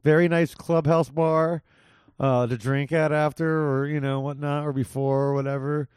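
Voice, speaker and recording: A man's voice: a little high, little pitch movement, moderate pace, darkish tone, smooth, no echo, studio quality. A young man hosting a podcast in casual chat, laid-back and profane, calling his guest dude. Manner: laid-back, swears a lot, says dude often. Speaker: podcast host. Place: home in Las Vegas.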